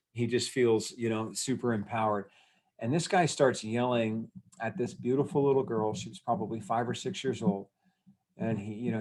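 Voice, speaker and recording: A man hosting an online event, giving an energetic motivational talk over a video call and asking his audience questions. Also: fairly low pitch. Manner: energetic, rallying, asks the audience questions, many fillers. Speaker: event host.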